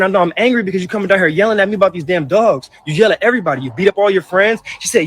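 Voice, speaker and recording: A man's voice: sits high, rapid-fire, hardly any pauses. A man ranting with heat about his mother, cursing and repeating himself, over faint music. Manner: heated, profane, repeats himself. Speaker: brother in a family feud clip. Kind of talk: emotional rant.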